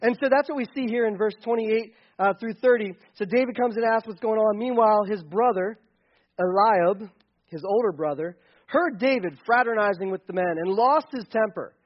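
A man's voice: high-pitched, normal speed. A man preaching a casual, joking sermon to a young audience, with many restarts. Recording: dull lo-fi recording.

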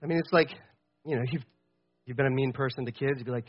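A young man preaching a sermon from a church stage in a casual, animated way. He swings between loud and quiet and acts out voices in quotes. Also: mid-range voice, quick pace, pauses often, slightly rough, dull audio. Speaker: pastor.

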